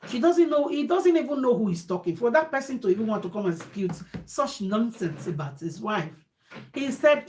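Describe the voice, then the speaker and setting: A woman's voice: mid-range voice, lively intonation, moderate pace, slight background noise. Woman, 40s, mid-range voice; emphatic, repetitive advice-giver who drops into pidgin. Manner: emphatic, repeats phrases, switches into pidgin. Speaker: married woman giving relationship advice. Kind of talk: casual monologue.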